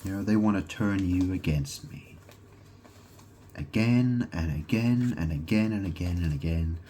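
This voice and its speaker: A man with a very low, deep voice delivers a rambling, profane monologue, repeating himself and restarting his sentences. He keeps throwing rhetorical questions at the listener. Faint noise sits under the voice. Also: animated, unhurried, warm tone. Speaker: self-proclaimed god vlogger.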